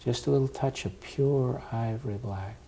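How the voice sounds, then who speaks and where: A man teaching an oil portrait step by step, talking calmly with pauses while he paints. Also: mid-range voice, creaky, a little hiss or hum. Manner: slow, unhurried and calm, with pauses while working. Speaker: painting instructor.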